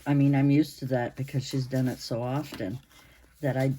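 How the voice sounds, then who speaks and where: A woman in her sixties hosting her own channel, chatting to camera in a rambling way with pauses and restarts, her voice hoarse and interrupted by coughs. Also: a bass voice, level tone, warm tone, a little hiss or hum. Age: 60s. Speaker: channel host. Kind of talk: casual chat to camera.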